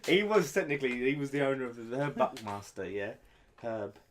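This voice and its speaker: A man's voice: medium pitch, lively intonation, fairly quick. A man co-hosting a podcast, telling a story in casual, sweary chat. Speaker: podcast co-host.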